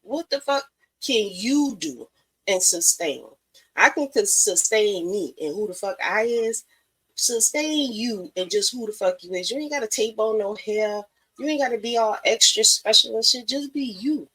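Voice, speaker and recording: A woman's voice: medium pitch, expressive, normal speed, fairly bright tone, husky, low-quality recording. Woman, blunt, profane, preachy, casual live-stream talk, mid-range voice. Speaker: podcast host.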